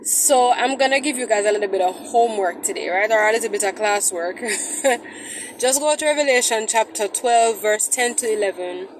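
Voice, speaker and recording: A woman's voice: a little high, normal speed, slight background noise, poor audio. Chatty woman vlogging from her car. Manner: chatty, preachy, addresses viewers as guys. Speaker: vlog host. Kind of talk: casual Christian vlog talk. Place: in a car in traffic.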